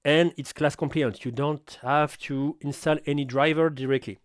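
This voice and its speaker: A middle-aged man with a French accent walks through an audio recorder tutorial in halting, self-correcting English. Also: on the high side, steady tone, no echo, studio quality. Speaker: audio gear reviewer. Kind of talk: hands-on equipment tutorial.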